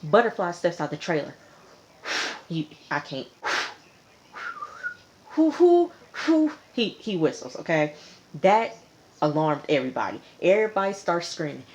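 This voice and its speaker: A woman with a slightly low voice recaps a TV episode for her vlog. She retells it in a lively, dramatic way, repeating lines for emphasis and talking casually to her viewers. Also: normal speed. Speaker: TV episode reviewer.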